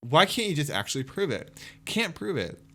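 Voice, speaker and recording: A man's voice: a little high, very animated, normal speed, fairly bright tone. Exasperated ranting young man. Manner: exasperated, swearing, repetitive rebuttals. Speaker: streamer responding to a critic. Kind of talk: casual ranting commentary.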